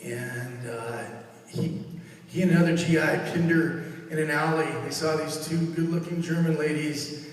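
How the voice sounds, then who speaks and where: Middle-aged guy giving a eulogy, kinda halting and emotional, slightly high voice, booming echoey hall, far from the mic. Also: fairly even intonation. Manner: halting, searching for words, warm storytelling. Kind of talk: funeral eulogy. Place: funeral service hall.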